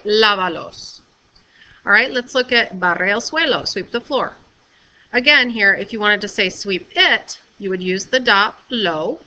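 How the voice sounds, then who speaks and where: A woman teacher giving a recorded video lesson, explaining patiently and clearly and often checking with "okay?". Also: mid-range voice, pushed and bright, low-quality recording.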